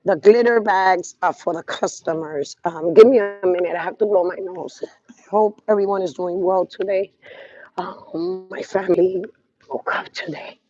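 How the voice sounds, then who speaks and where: A man's voice: high voice, moderate pace, a little mellow, no room sound, dull audio. A congested man rambling casually to viewers on a live stream while walking outdoors on a city street, talking into a phone. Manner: rambling, talks to viewers, trails off. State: congested from sinus trouble.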